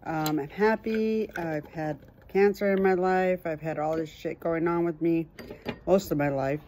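A woman's voice: fairly low pitch, unhurried, warm tone, a little hiss or hum. A woman in her fifties talking candidly and cheerfully to camera in a casual vlog, sometimes while eating. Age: 50s. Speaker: vlogger.

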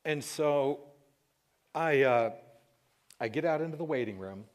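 Middle-aged man, heartfelt testimony, voice cracking with emotion, halting delivery. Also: a little high, animated. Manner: emotional, voice breaking, pausing and restarting. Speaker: Christian radio host telling a personal story.

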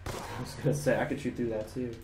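Laid-back Dutch streamer, roomy sound. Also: male voice, medium pitch, flat delivery, fast talker, darkish tone. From Netherlands. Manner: casual, swears, banters with viewers. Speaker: game streamer. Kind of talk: live gameplay commentary, answering chat. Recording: roomy echo, faint background noise.

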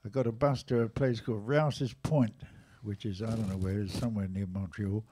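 A man in his eighties with an English accent, casually telling jazz stories at a live museum event, lively and animated in his retelling. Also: on the low side, a little fast, husky. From England. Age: 80s. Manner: lively, animated retelling with raised voices for quotes. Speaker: jazz drummer and storyteller guest. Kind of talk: casual anecdotal storytelling.

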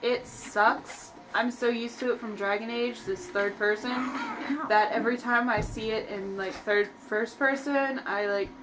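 A woman's voice: a little high, fairly even intonation, measured pace, noisy background. A young woman chatting and teasing while gaming with her brother, saying "like" a lot. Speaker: co-player, sister of the host. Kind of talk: casual gaming chat.

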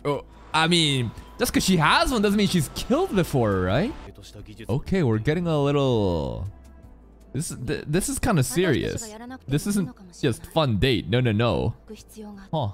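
A man reacting live to an anime episode in casual commentary, excitable and foul-mouthed, laughing often and talking back at the screen. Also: on the high side, a little slow, faint music behind.

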